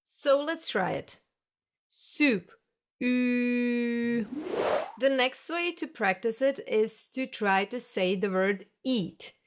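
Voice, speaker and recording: A woman narrating a pronunciation lesson in a patient, explanatory teacher's way. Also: on the high side. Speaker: language teacher.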